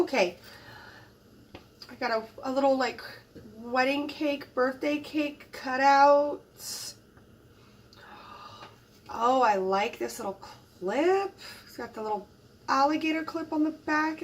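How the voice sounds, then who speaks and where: A crafting channel host with a high-pitched voice narrates an unboxing, casually gushing and softly exclaiming as she admires each item. The mic is distant, and there's slight background noise.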